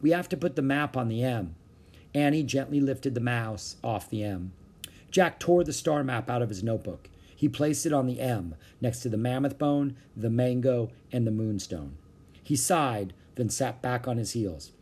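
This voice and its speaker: A male storyteller reading a children's book aloud, his pitch rising and falling with the story. His voice carries a slightly husky grain. He narrates with expressive energy. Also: moderate pace.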